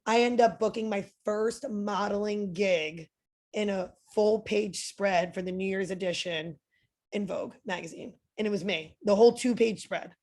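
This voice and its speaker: A young adult woman, a podcast guest, telling a story in a lively way, acting out what others said and using "like" a lot. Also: mid-range voice, normal speed. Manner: lively, acts out quoted voices, frequent "like" fillers. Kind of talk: animated storytelling.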